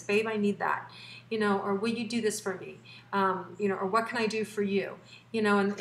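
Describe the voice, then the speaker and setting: A woman's voice: medium pitch, a bit bright, reverberant, a little hiss or hum. A woman giving a monthly astrology forecast in a chatty, reassuring way, with many fillers and restarts.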